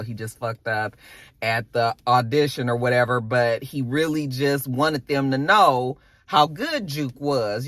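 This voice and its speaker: A woman's voice: a bass voice, a bit bright, no echo. A woman giving a casual, profane recap of a TV episode, acting out the characters' lines as she goes. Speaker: TV show reviewer.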